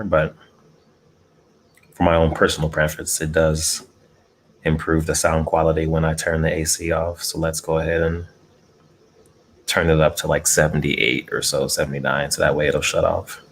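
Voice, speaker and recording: Deep gravelly man chatting on a live stream. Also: little pitch movement, moderate pace, a little hiss or hum. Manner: laid-back, greets chat viewers, chuckles often. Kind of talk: casual live stream chat while eating. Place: room at home with air conditioning. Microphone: desk mic close up.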